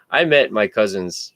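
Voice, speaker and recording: Deep-voiced man telling profane stories. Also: dry recording. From United States. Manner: profane, animated, digressive. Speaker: podcast host. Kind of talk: casual personal storytelling.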